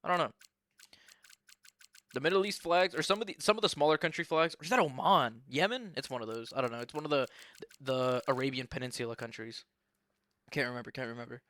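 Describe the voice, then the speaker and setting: A man's voice: medium pitch, brisk, pauses often, a bit bright, no room sound. A young man giving casual, profane, joking commentary on a sim race while bantering with his live chat.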